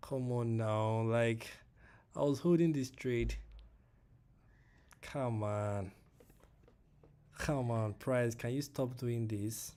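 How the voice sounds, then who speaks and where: A man talks through his trades on a live stream in a slow, easygoing way. His voice is mellow and dark. He repeats phrases often, adds fillers and talks straight to viewers in the chat. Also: medium pitch, smooth. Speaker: forex trading streamer. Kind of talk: live trading stream commentary.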